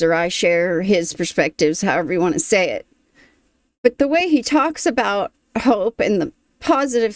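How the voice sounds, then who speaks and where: A woman's voice: mid-range voice, no room sound, studio quality. A woman hosting a reaction video, talking casually, moved and thoughtful, often trailing off.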